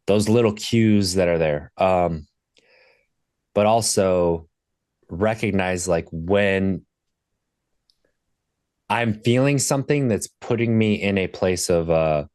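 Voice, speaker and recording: A man talking as a podcast guest, telling a candid personal story in a reflective, halting way with restarts. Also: low voice, darkish tone, clean tone, dry recording, studio quality.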